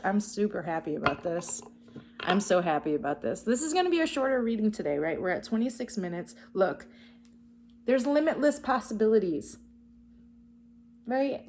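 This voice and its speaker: A woman's voice: mid-range voice, darkish tone, a little hiss or hum. A woman giving a casual spiritual card reading, enthusiastic and encouraging, talking straight to her viewers. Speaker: tarot card reader.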